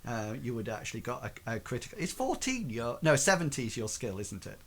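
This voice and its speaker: A man's voice: mid-range voice, sing-song, brisk. A man narrating as game master for a tabletop role-playing game, rambling and hesitant with many fillers.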